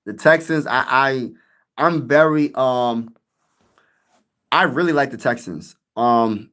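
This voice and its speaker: A young sports YouTuber hosts a live stream, answering chat in a casual, hyped, rambling way packed with slang. His mid-range voice is a bit bright, and he takes his time.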